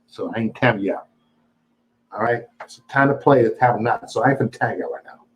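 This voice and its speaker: A man's voice: medium pitch, brisk, dull audio. A man hosting a casual live stream, greeting viewers and ranting at them in a profane, taunting, boastful way. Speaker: livestream host.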